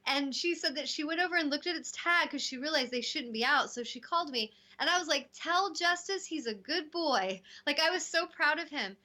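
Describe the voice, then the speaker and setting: A woman hosting a casual spiritual talk show, telling stories with lively acted-out quotes. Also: high voice. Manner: animated storytelling, acting out voices in quotes. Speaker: host.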